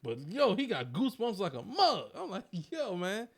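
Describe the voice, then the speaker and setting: A young man co-hosting a wrestling podcast in casual, animated chat, swearing and laughing often. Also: high voice, brisk, creaky, breathy edge. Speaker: podcast co-host.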